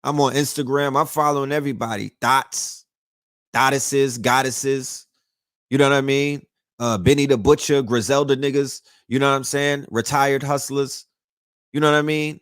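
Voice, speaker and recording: A man's voice: medium pitch, steady tone, moderate pace, fairly bright tone, dry recording, clean studio sound. A man hosting a show, ranting in a loose, profane, emphatic monologue that is full of restarts. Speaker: podcast host. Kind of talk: casual monologue.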